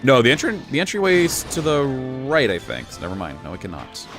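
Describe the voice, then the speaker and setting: A man casually commenting on his gameplay as a streamer, relaxed and rambling, swearing now and then. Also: medium pitch, a little fast, gravelly, faint music behind.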